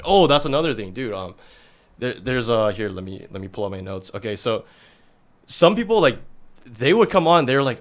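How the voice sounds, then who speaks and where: A man hosting a podcast in casual chat, venting with lots of swearing and animated asides. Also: medium pitch, moderate pace. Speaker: podcast host.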